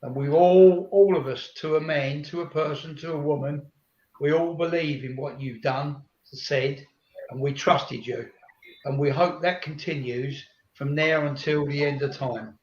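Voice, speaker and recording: A man's voice: fairly high pitch, measured pace. Older man giving an earnest tribute. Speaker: fan group member. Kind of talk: heartfelt farewell speech on a video call. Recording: roomy, dull video-call audio.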